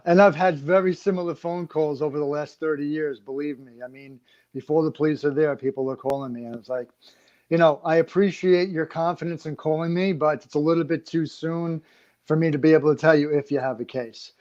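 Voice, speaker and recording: A man's voice: fairly high pitch, steady tone, fairly quick, a little mellow, muffled recording. A middle-aged male attorney giving plain, practical advice on a live show. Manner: plain-spoken, advising.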